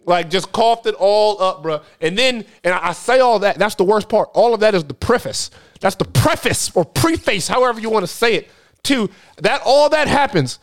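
A young man on a podcast, telling a wild story in casual slang and acting out his friends' lines with animated energy. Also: high-pitched, normal speed. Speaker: podcast co-host.

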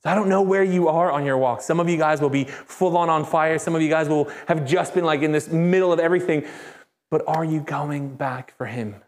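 A man preaching a sermon as a pastor, speaking conversationally and emphatically, with repeated phrases and animated rises. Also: fairly high pitch, fairly quick. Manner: animated, rises sharply when excited. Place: church.

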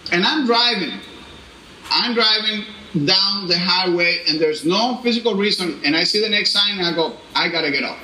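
A man giving an animated, storytelling testimony with laughter and halting restarts, in a church. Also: high voice. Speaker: speaker giving a personal testimony. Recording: echoey room with faint ambience.

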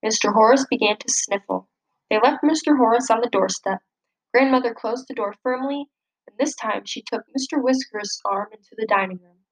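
A woman reading a children's picture book aloud, gently expressive and lifting her voice for the characters' lines. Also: on the high side, moderate pace, low-quality recording. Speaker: storybook reader.

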